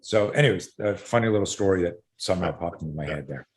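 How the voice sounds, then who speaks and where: A middle-aged man, a self-defense coach, telling stories as a podcast guest in an animated way, swearing casually and full of fillers. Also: low voice, quick pace.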